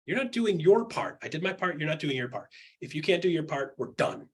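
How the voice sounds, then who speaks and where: A man's voice: fairly high pitch, very animated, a little fast, husky. A man hosting a show, giving blunt, emphatic coaching advice in a casual talk and acting out the voices he quotes. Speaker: podcast host.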